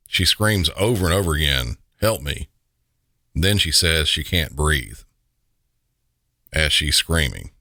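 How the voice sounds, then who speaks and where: A man's voice: very deep voice, sharp tone, no room sound, clean studio sound. A man with a Southern US accent, hosting a podcast and telling the story in a wry, conversational way. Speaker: podcast host. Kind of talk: scripted narration.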